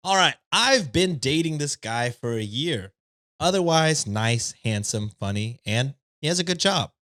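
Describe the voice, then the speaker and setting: A man's voice: on the high side, a little slow, dry recording, clean studio sound. A man hosting a podcast who jokes profanely in casual chat and reads stories aloud to his co-hosts. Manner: profane, animated joking. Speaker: podcast host reading stories. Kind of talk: casual chat and story reading.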